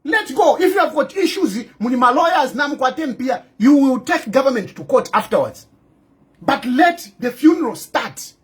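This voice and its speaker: A man's voice: extremely high pitch, sing-song, normal speed, slightly rough. A middle-aged Zambian man with a Zambian accent, giving an impassioned, scolding address as a political commentator, firing off rhetorical questions and repeating them. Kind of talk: impassioned direct-to-camera address.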